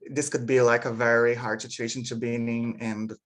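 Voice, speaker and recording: A man hosting, softly thanking the guest and passing the turn. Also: mid-range voice, little pitch movement, normal speed. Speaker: host. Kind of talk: thanking guest, handing over.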